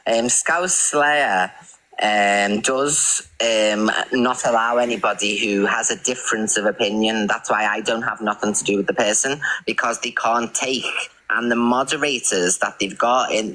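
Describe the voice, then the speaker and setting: Host: man, bright forceful tone, chatty rant full of fillers. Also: lowish voice, rough recording. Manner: rambling, lots of fillers. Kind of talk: casual reaction commentary.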